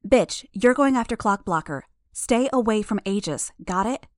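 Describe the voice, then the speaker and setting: A woman voicing a sharp-witted young woman who speaks urgently and insistently. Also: mid-range voice, lively intonation, normal speed, no room sound, studio quality, voice pushed up, lightly acted. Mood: commanding.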